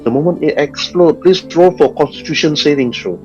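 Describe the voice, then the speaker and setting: A man's voice: fairly high pitch, fairly quick, darkish tone, dull audio, faint music behind. A man narrating as game master of a tabletop game, stretching words for suspense and laughing at his own jokes.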